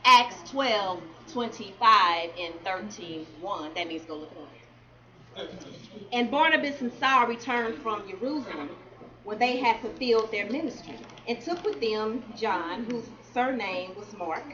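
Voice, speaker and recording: A woman's voice: medium pitch, sharp tone, lo-fi sound. A woman performing spoken word poetry at a community celebration, rhythmic and calling out to the crowd. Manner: rhythmic, call-and-response with crowd. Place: community celebration event hall.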